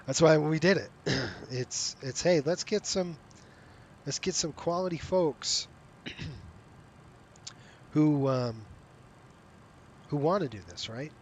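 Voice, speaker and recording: Relaxed, rambling man chatting to viewers. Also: a little high, slow pace, pauses often, a little hiss or hum. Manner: rambling, self-interrupting, talks to viewers as "you guys". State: tired, yawning. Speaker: flight sim streamer running a virtual airline. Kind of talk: casual live-stream chat over gameplay.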